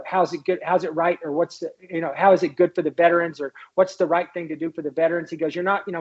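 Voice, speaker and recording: A man recounts a story as an interview guest, rushing through it with plenty of fillers and restarts. His voice is husky and sits a little high for a man. The recording sounds slightly dull and lo-fi. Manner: animated anecdote, quotes others, many fillers and restarts. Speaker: guest, congressman and former White House doctor.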